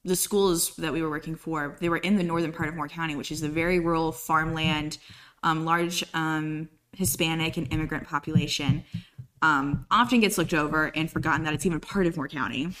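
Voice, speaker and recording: A woman from Colorado in a casual podcast conversation, telling stories in a lively way. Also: low-pitched, fairly quick. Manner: lively storytelling, slipping into quoted voices. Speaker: podcast speaker.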